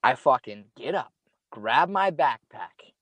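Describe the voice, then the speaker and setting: A man's voice: mid-range voice, very animated, slow, a bit bright, no room sound. Young man telling a rambling, profane story. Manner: profane, rambling, laid-back slang. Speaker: podcast guest storyteller. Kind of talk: casual storytelling chat.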